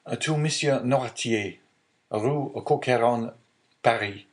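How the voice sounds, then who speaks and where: A man's voice: medium pitch, takes it slowly, voice pushed up, close to an everyday voice. A man voicing an honest, earnest young male sailor in an audiobook, sincere and eager.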